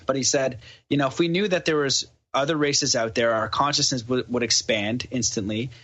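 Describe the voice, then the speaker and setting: A Canadian man with a medium-pitched voice, guesting on a podcast, casually tells a story at normal speed and acts out the dialogue with animation. The podcast audio is dull and lo-fi.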